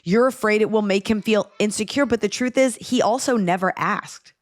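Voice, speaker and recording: A woman's voice: medium pitch, normal speed. A woman in her forties hosting an advice podcast, chatting casually and acting out little lines to make her point. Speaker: podcast host.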